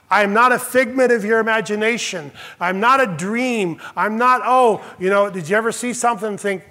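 Emphatic high-voiced male pastor. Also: sharp tone. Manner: emphatic, slows down to stress lists of phrases. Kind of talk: sermon. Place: church sanctuary with congregation.

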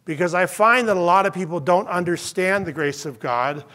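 A man who is a pastor, preaching a sermon with earnest storytelling that drops to a hush in tender moments. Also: high voice, moderate pace.

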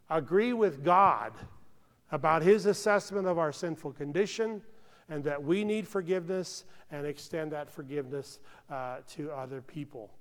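A man preaching a sermon in an earnest, conversational way, often checking in with "okay?" and dropping to hushed tones. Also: fairly high pitch, big-room sound. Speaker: pastor.

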